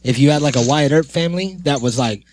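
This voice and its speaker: A man's voice: fairly high pitch, quick pace, a little mellow, slight background noise. A man co-hosting a podcast in casual chat, laid-back and agreeable with a slangy way of talking. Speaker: podcast co-host.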